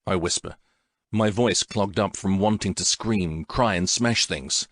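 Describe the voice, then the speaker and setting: A man's voice: low-pitched, unhurried, a bit bright, no room sound. A man narrating a first-person audiobook in an emotional, intense way.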